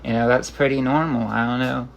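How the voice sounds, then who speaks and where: A man's voice: mid-range voice, steady tone, a little fast, creaky. A young man talking straight to camera in a confessional vlog, rambling and rueful, often restarting his sentences. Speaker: vlogger.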